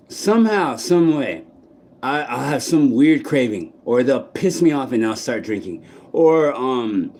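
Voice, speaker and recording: A man vlogging outdoors in a park, speaking in a blunt, halting monologue full of restarts and swearing. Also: medium pitch, a little mellow, slight background noise. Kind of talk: candid personal monologue.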